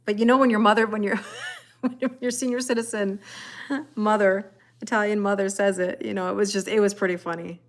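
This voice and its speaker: A woman's voice: mid-range voice, steady tone, brisk. Chatty woman doing a live tarot reading, rambles and laughs a lot, reads out viewer comments. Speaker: tarot reader.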